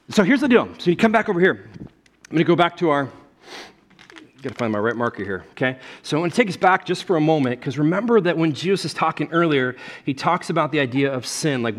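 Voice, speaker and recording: A young adult man preaching a sermon on stage, telling stories with loud bursts and quiet asides. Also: on the high side. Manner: animated storytelling, swinging between loud bursts and quiet asides. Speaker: pastor.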